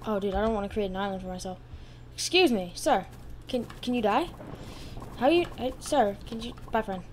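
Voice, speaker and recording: A woman giving live gameplay commentary as a channel host, excitable and full of exclamations, muttering to herself between bursts. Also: mid-range voice, fairly quick, a little hiss or hum.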